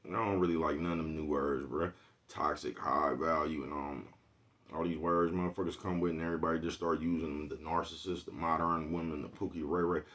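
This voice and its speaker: Rumbling low and a bit bright, this man talks briskly in a steady tone. He's ranting on a livestream in street slang and keeps checking with viewers, asking "you know what I'm talking about."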